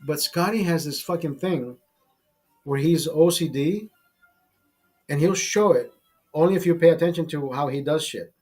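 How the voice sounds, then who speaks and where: A man's voice: fairly high pitch, normal speed, long pauses, darkish tone, breathy edge, faint music behind. A man hosting a casual show, telling a rambling, profane story with many restarts and repeated words. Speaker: host.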